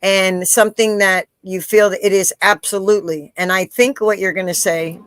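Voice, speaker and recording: Woman host, animated storyteller, bright tense voice, dry close sound. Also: medium pitch, moderate pace, clean tone, dry recording. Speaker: interview host. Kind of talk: casual live interview chat.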